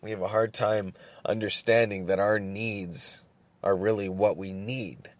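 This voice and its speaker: A man's voice: on the low side, fairly even intonation, a little slow. Rambling, profane man ranting solo. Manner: rambling, profane, repeats words while thinking; smoking and drinking coffee while talking. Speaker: podcast host. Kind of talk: solo rant.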